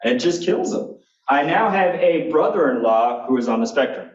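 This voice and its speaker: A man's voice: a little high, animated, moderate pace, recorded from a distance. A man giving a keynote talk, telling blunt, humorous stories in a folksy way. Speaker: keynote speaker. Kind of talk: animated storytelling talk. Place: conference hall. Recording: echoey, dull room recording from afar.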